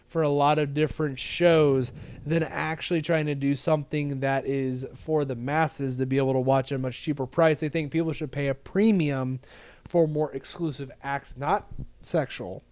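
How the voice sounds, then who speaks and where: A man's voice: fairly high pitch, steady tone, moderate pace, darkish tone, clean tone. Chatty man hosting a podcast. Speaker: podcast host. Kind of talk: casual chat.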